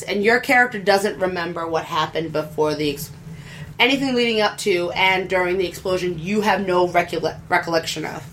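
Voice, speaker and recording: A woman's voice: lowish voice, a little fast, a bit bright. A woman in casual chat about a video game, rambling and chatty with crude humor.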